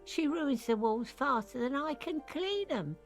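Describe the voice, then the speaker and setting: A woman's voice: lively intonation, a little slow, faint music behind. A woman doing a grumbling old cleaning lady. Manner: chatty, scolding, with sudden high squeals. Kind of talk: voicing game dialogue on a stream.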